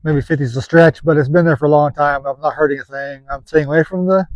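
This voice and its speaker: A man's voice: on the high side, steady tone, quick pace, no room sound, low-quality recording. A man casually explaining how he cleans an old car, folksy and joking, rambling as he works. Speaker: classic car seller.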